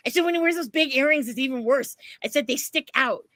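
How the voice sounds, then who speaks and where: A woman co-hosting a podcast, telling a story in a lively way, acting out what she and others said, and swearing freely. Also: sits high, quick pace, no room sound. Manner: animated storytelling, acts out quotes, swears freely. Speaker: podcast co-host. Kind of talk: casual chat.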